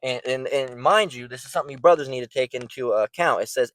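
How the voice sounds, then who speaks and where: A man's voice: mid-range voice, quick pace, hardly any pauses, a bit bright, no room sound. A man giving an informal, blunt preaching rant, profane and repeating words as he gets worked up. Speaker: online preacher.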